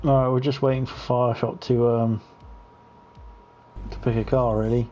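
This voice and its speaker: A man's voice: medium pitch, flat delivery, normal speed, warm tone, dull audio. A man hosting an online racing league, chatting casually and laughing often as he calls the race. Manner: laughs often while talking, loose and chatty. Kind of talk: casual live race commentary.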